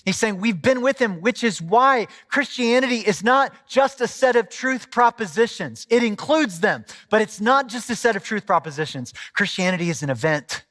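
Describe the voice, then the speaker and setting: A middle-aged pastor from Southwest Missouri preaches a sermon in a conversational, storytelling way, full of asides. His voice is very high-pitched, expressive and a bit bright, at a normal speed with few pauses. The recording has a long hall reverb.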